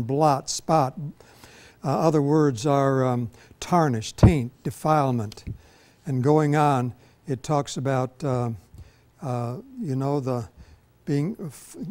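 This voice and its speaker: A pastor delivers a sermon from a TV studio at a very unhurried pace. He is a man with a mellow, warm voice who wanders through his thoughts, pausing on fillers and restarting phrases. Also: mid-range voice. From Minnesota. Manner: slow, rambling, many fillers and restarts. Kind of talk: televised sermon.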